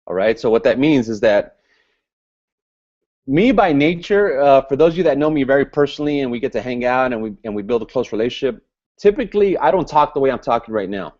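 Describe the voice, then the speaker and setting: A man giving a motivational business training talk to a group, speaking loud and fired up. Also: medium pitch, animated, brisk. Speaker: business seminar presenter. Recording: dull lo-fi recording.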